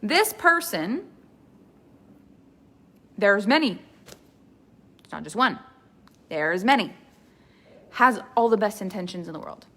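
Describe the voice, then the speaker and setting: A woman's voice: mid-range voice, lively intonation, measured pace, pauses often, fairly bright tone. A woman business coach giving an earnest masterclass talk, repeating key points for emphasis.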